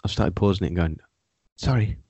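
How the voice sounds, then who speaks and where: A man's voice: fairly low pitch, normal speed, a little mellow, dry recording. Wry, sweary man, dry sound. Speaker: podcast host. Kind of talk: casual chat.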